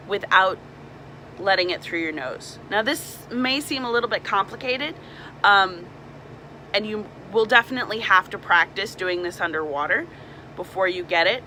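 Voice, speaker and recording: Bright-voiced woman giving mermaid swim tips. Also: mid-range voice, slight background noise, low-quality recording. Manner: demonstrates nasal speech and K sounds. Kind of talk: casual how-to explainer.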